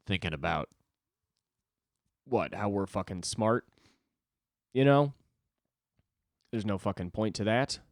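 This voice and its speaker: Profane, rambling young man, smooth dry voice. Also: fairly low pitch, expressive, slow, long pauses, dry recording. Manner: rambling, profane, self-deprecating. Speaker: solo podcast host. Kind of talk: casual solo monologue.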